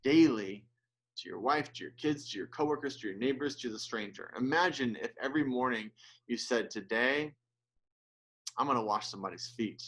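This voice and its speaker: A man's voice: mid-range voice, normal speed, fairly bright tone. A male pastor giving an earnest, conversational sermon, with restarts and asides, who gets emotional as he speaks.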